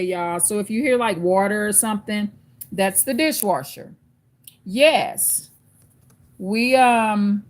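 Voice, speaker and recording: A woman at a middling pitch chats on her live stream from home. She leans hard on her words, circles back on the same phrases and keeps turning to her viewers with a y'all. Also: a little mellow. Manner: emphatic, repeats phrases, addresses viewers as y'all. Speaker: YouTube channel host. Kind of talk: live-stream chat and storytelling. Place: at home, downstairs.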